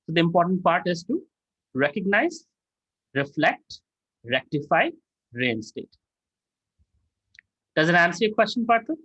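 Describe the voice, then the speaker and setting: Animated man teaching, lo-fi call sound. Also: high-pitched, measured pace, pauses often, husky, no echo. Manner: animated, acts out angry quotes, asks "right?". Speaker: spiritual mentor answering questions. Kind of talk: lecture-style Q&A. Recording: dull lo-fi dry sound.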